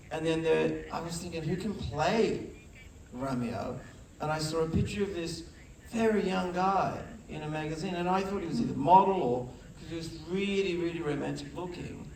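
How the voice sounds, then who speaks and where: Animated man in an echoey hall. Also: a little high, moderate pace, distant mic, slight background noise. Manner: animated storyteller, acts out quotes. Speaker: film director, guest. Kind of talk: onstage festival conversation. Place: large festival hall with audience. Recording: echoey hall, mic heard from afar.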